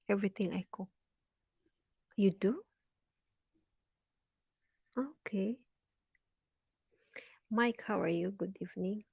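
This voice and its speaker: Woman, live stream host, from the Philippines, chatty, laughs a lot, mellow, dull lo-fi sound. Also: mid-range voice, slightly rough, dry recording. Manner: chatty, laughs often, reads viewer names aloud. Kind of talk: casual live stream chat reading comments.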